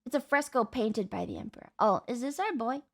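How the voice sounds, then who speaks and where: A woman streamer chatting casually as she reacts, excitable and swearing freely. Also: a little high, a little fast, creaky.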